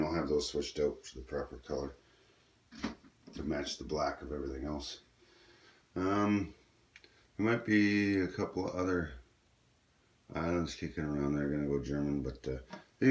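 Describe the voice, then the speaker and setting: A man's voice: rumbling low, lively intonation, moderate pace. A man casually talking through his moves in a tabletop strategy game, explaining as he goes with plenty of ums and uhs. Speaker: board game player. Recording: echoey room with faint noise.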